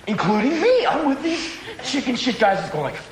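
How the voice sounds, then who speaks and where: A male stand-up comedian telling a long, profane, rambling story in an animated way to a live audience. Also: very high-pitched, normal speed, reverberant, background noise.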